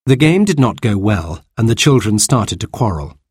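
A man reading a children's storybook aloud in an expressive way. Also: fairly low pitch, normal speed, husky, no room sound, clean studio sound. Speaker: narrator.

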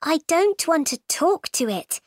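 A woman's voice: very high-pitched, sing-song, unhurried, dry recording, studio quality, voice pushed up, heavily acted. A woman voicing a polite, curious young girl in a storybook reading. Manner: polite, wondering.

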